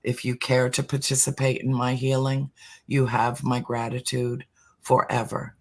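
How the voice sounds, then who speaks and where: A middle-aged man talking through a heartfelt spiritual conversation, slow and deliberate, sometimes sinking to a near-whisper for emphasis. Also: medium pitch, completely flat delivery.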